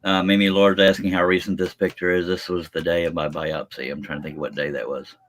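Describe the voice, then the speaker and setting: A man's voice: low voice, level tone, brisk, fairly bright tone, slight background noise. A man streaming live from his workshop, talking in a chatty, folksy way as he draws a pattern. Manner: folksy, chatty, says y'all. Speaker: scroll saw pattern maker streaming live. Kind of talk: relaxed live-stream talk while working.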